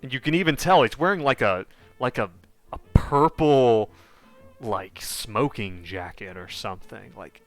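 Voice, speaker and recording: A man acting as game master narrates a horror tabletop game in a halting way, full of fillers, often dropping to a hush. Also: medium pitch, faint music behind.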